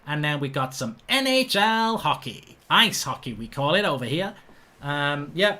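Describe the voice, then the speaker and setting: A middle-aged Englishman with a slightly high voice hosts a live football watchalong, reading viewer comments aloud. He talks bluntly and colloquially, fuming over poor refereeing calls, with big pitch swings, a somewhat slow pace, and a sharp tone.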